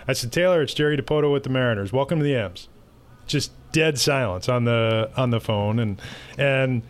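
Male sports executive guest, mid-range voice, easygoing anecdotal delivery. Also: mid-range voice. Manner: relaxed, anecdotal storyteller. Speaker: baseball team executive, guest. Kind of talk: casual interview answers.

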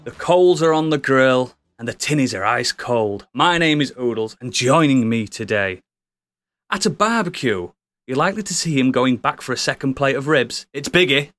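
A man's voice: medium pitch, lively intonation, normal speed, fairly bright tone, no room sound, soft background music. A man hosting a podcast, giving jokey, teasing introductions of his guests. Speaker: podcast host.

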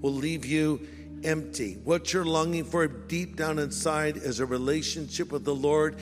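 A man preaching a sermon as pastor, animated and playfully mocking, acting out the voices he quotes. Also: a little high, unhurried, music in the background. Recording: long hall reverb.

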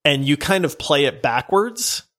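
A man co-hosting a gaming podcast, retelling a quest in an animated, laughing way. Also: fairly high pitch, measured pace. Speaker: podcast co-host. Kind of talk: casual chat.

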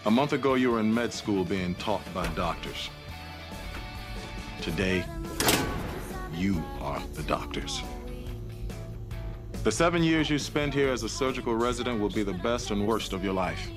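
An actor playing a stern senior surgeon giving a measured, commanding speech to new interns. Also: male voice, on the low side, lively intonation. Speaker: chief of surgery in a TV drama clip. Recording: TV clip with music behind. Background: music score.

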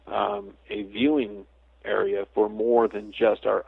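A man talking as a guest psychic medium in a casual interview, a chatty storyteller who slips into lively quoted asides. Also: fairly low pitch, slow, gravelly, breathy edge, no echo. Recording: tinny phone line, dry.

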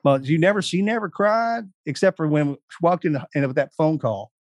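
A man's voice: on the high side, lively intonation, brisk, no echo. Man, guest, folksy storyteller, close and dry. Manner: folksy, laughing asides. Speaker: guest, Navy SEAL veteran. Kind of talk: casual storytelling.

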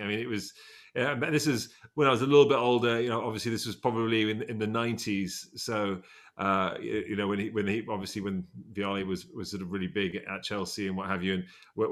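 Bright-voiced English man chatting. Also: lowish voice. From England. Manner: chatty, self-deprecating, rambling storyteller. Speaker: guest. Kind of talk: casual interview chat.

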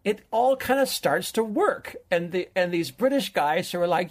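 This middle-aged man's voice sits high and moves a little fast. Co-hosting a podcast, he casually and eagerly recommends a show, telling rambling stories as the film recommender.

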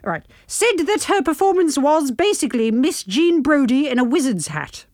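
A woman's voice: high voice, very animated, moderate pace, a little mellow, no echo, clean studio sound. A woman co-hosting a comic podcast, playful and rambling. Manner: playful, rambling, with frequent laughs. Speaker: podcast co-host.

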